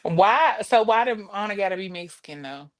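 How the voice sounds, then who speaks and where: A woman's voice: medium pitch, lively intonation, moderate pace, no room sound, studio quality. A forty-year-old woman, a podcast guest in casual chat, laughing often and reacting candidly. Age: 40s.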